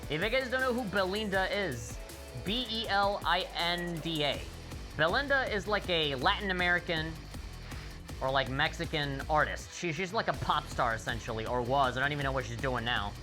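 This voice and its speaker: A man's voice: on the high side, moderate pace. A young man streaming a rhythm game, telling a rambling, profane story. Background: faint game music.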